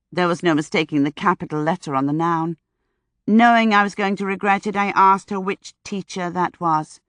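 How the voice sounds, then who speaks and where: A woman narrating a first-person audiobook in a measured, dryly wry manner, close to the mic. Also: lowish voice, no echo.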